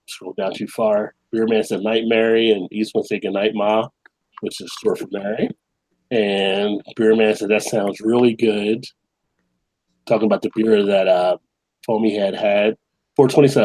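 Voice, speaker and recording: A man's voice: fairly low pitch, darkish tone, low-quality recording. A man hosting a casual beer live stream, chatting loosely, reading viewer comments aloud and laughing often. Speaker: beer channel host.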